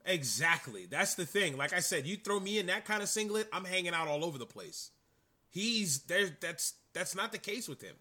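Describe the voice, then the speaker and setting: Bright-voiced male wrestling podcast co-host. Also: high-pitched, sing-song, moderate pace. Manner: rambling, enthusiastic. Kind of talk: casual chat.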